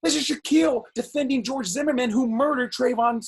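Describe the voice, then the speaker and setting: A middle-aged man, a filmmaker guest on an interview show, telling animated, indignant stories in casual talk. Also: extremely high pitch, fairly quick, vocal fry, few pauses, breathy edge. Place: home on a video call.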